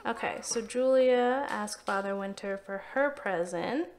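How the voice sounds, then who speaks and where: A young woman giving casual commentary while playing a life-simulation game, chatty and quick to exclaim when things go wrong. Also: medium pitch. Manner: chatty, sympathetic, exclaims often, easily exasperated. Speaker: let's play gamer.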